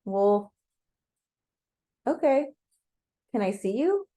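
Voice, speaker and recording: A woman's voice: medium pitch, sing-song, extremely slow, dark tone. A woman voicing a confused, overwhelmed young woman in a guided meditation, hesitant and stammering. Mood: curious. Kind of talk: guided meditation role-play.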